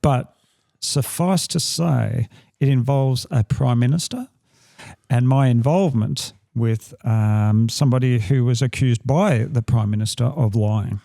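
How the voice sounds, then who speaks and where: Australian male co-host, gravelly and mellow, dry close sound, animated and emphatic. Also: medium pitch, a little slow, dry recording. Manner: animated, emphatic, with frequent restarts. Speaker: podcast co-host, deception expert. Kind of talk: casual podcast chat.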